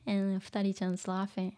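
A woman teaching vocabulary through a manga, explaining slowly, repeating words and laughing often. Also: medium pitch, a little mellow. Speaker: Japanese teacher. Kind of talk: manga reading lesson.

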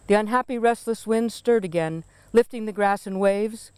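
A woman poet reading her own poem aloud in a solemn, deliberate recitation. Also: medium pitch, a little mellow, clear, resonant tone, dry recording. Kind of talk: poetry reading.

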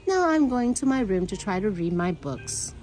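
A woman's voice: medium pitch, big pitch swings, normal speed, darkish tone, soft background music, lightly acted, poor audio. A woman reading aloud, voicing a kind, curious female anteater who solves mysteries.

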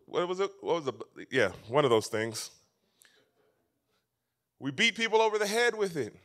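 A man preaching a sermon as pastor, telling stories with animation and swinging between loud and soft passages. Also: a little high, big pitch swings, moderate pace.

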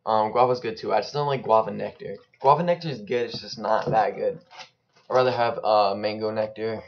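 With a lowish voice and a fairly quick delivery, a young man offers casual commentary on his online gameplay as a YouTuber. Between rounds he rambles and jokes in slang, and his lo-fi mic sounds slightly dull.

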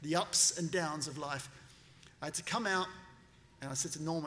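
A man tells a story at a graduation ceremony, his voice high and bright, with a long hall reverb trailing each phrase. He is an animated storyteller who slips into the voices of the people he quotes. The sound comes from a podium microphone. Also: moderate pace. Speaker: commencement speaker. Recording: long reverb of a large venue.

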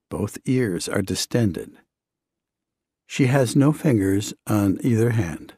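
A man narrating a devotional book in the first person, with a measured, earnest reading. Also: medium pitch, darkish tone, breathy edge, no room sound, studio quality. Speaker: audiobook narrator.

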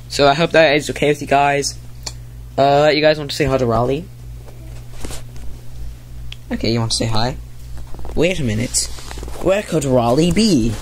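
A man's voice: mid-range voice, normal speed, long pauses, a little hiss or hum. A young man vlogging casually, rambling and upbeat as he talks straight to his viewers from home and then his front yard. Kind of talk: casual vlog chat.

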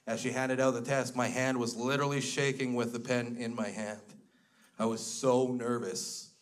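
A man's voice: mid-range voice, steady tone, fairly quick. A man in his thirties from Alberta, Canada, doing stand-up comedy with crude, self-mocking storytelling before a live audience. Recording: loud noisy live stage recording.

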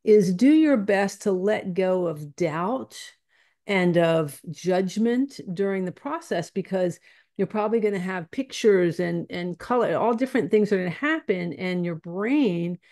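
Low mellow-voiced woman teaching. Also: animated, measured pace. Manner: earnest, searching, restarts phrases often. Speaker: spiritual teacher guest. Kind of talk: conversational spiritual teaching.

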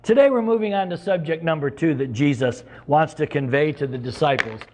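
Earnest conversational man preaching, pitched high. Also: brisk, a little hiss or hum. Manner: earnest, conversational preaching with sudden emphatic rises. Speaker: pastor. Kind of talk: sermon.

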